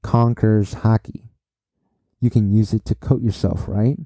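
A man's voice: lowish voice, steady tone, measured pace, mellow, dry recording, studio quality. A man reading the lines of a defiant young male pirate captain in a plain voice.

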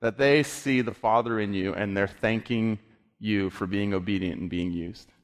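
A man preaching a conversational sermon as pastor, with frequent halting restarts, moving into prayer. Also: lowish voice, fairly even intonation, in a large hall.

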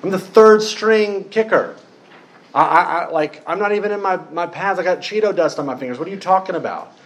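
A man's voice: very animated, moderate pace, a little mellow. A man voicing a frightened, insecure young man who stammers and protests that he is not good enough. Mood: panicky. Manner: whiny, stammering, pitched up in comic panic. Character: panicky insecure young man, self-doubting underdog.

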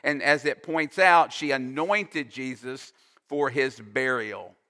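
A man preaching a sermon as a pastor, slow and emphatic, pausing to explain with asides. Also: medium pitch, sharp tone. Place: church sanctuary. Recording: long reverb of a hall.

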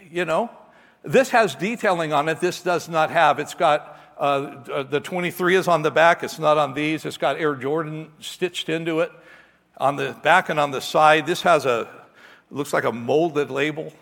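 Middle-aged man, pastor, animated self-mocking storytelling, slightly high voice, long hall reverb. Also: measured pace, gravelly. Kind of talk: sermon with storytelling. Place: church hall.

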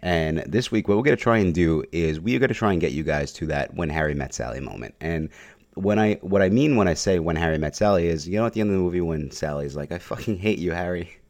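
Young male solo podcast host, deep voice, blunt and heavily profane delivery. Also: animated, darkish tone. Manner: profane, blunt, fast-talking. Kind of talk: casual solo podcast monologue.

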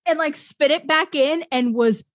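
A woman, a teacher, chatting casually and telling a quick story. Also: sits high, no room sound. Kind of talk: casual conversation.

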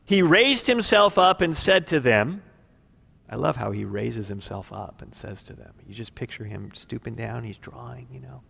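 A male pastor preaching a sermon expressively, swinging from loud emphasis to quiet, near-whispered passages. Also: medium pitch, expressive, moderate pace, vocal fry, husky.

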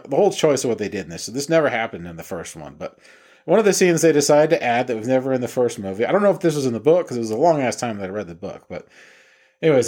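A man's voice: medium pitch, a little mellow. A man reviewing and comparing movies in a casual, rambling way, drifting off on tangents and swearing offhandedly. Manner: rambling and digressive, casual profanity. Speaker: film reviewer.

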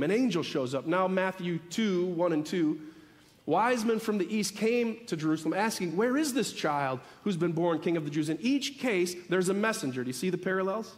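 A man preaching a sermon as the pastor, animated and building to emphatic peaks. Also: high voice. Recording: long reverb of a large hall.

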